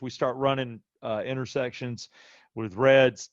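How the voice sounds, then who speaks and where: A man's voice: medium pitch, a little fast, no room sound, dull audio. A man co-hosting a podcast, telling a personal story in a casual way and acting out what other people said. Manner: animated retelling that acts out other people's quoted lines. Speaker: podcast co-host.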